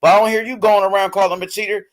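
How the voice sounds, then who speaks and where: High-voiced insistent man arguing. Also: level tone, rapid-fire. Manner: insistent, interrupting, keeps saying bro. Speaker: boxing show host. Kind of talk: heated casual debate.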